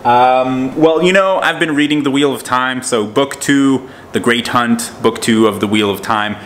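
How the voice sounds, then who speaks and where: A man's voice: mid-range voice, measured pace, fairly bright tone, a little hiss or hum. A man from Israel with an American accent, chatting casually as host of a TV talk channel, rambling with lots of fillers. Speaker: TV show host. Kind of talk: casual chat.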